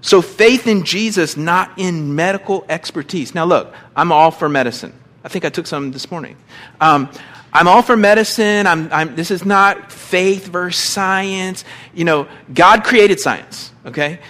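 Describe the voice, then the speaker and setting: A middle-aged man preaching a sermon, reading scripture and acting out quotes with big swings between loud and quiet. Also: sits high, measured pace. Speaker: pastor.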